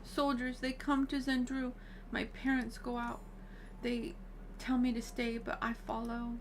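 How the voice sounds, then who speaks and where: Woman voicing a frightened halting villager. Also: on the high side, flat delivery, a little hiss or hum, pitched above the performer's own voice. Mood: shaken. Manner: halting, broken short phrases.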